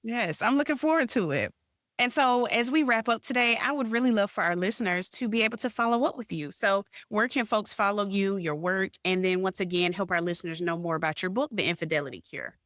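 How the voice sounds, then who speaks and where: A woman hosting an interview podcast, affirming her guest warmly with repeated short praise. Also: mid-range voice, brisk, no echo, clean studio sound. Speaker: podcast host.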